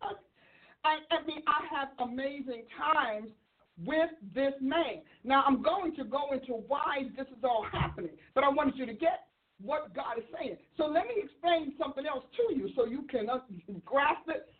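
A woman preaching a sermon in an excitable, animated way, laughing often and acting out the voices she quotes. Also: sits high, moderate pace, phone-quality sound. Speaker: preacher and author. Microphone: livestream.

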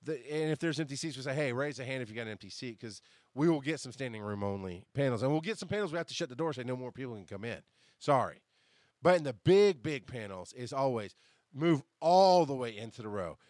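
A man hosting his own podcast, telling a personal story in a loose, conversational way. He swears freely, swings from loud bursts to quiet asides, and laughs at himself. His voice sits at a middling pitch and sounds dry and close. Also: quick pace, no room sound. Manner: animated, profane, laughs at himself. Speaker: podcast host. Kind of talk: casual storytelling monologue.

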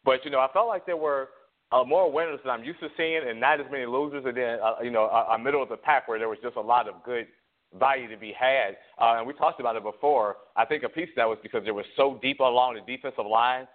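A man co-hosting casual sports chat over a tinny, phone-like line, a little out of breath. He rambles, repeats words and laughs between points. His pitch sits mid-range. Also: fast talker. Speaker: co-host.

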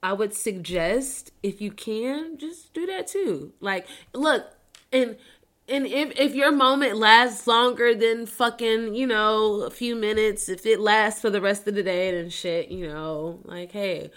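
A woman's voice: medium pitch, a little slow, fairly bright tone. A woman hosting a podcast in a casual chat, speaking in a candid, emotional way with plenty of swearing. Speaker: podcast host.

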